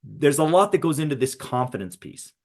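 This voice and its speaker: A man's voice: on the high side, expressive, brisk. Middle-aged man presenting a webinar. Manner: conversational, often adds a checking "right?". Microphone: video call.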